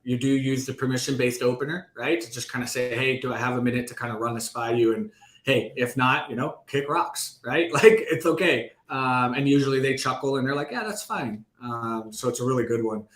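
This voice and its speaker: A man hosts a live online sales session in a relaxed, upbeat way. His talk is loose and full of fillers, and his voice rings with a roomy echo. His pitch sits in a middling range. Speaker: host.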